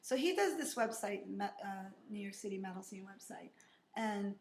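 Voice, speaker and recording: A woman's voice: medium pitch, animated, normal speed, a little mellow, slight background noise. Chatty woman co-hosting in an echoey bar. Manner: chatty, laughs often, upbeat. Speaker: podcast co-host. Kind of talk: casual chat. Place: back room of a bar. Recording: echoey room with faint ambience.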